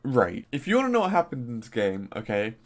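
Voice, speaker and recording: A man's voice: medium pitch, huge pitch swings, a little fast. A young man from Norfolk with a mild Norfolk accent, chatting casually and rambling as he reviews gaming community posts. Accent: mild Norfolk English. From Norfolk, England. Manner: chatty, rambling, exclaiming, many fillers. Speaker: gaming YouTuber.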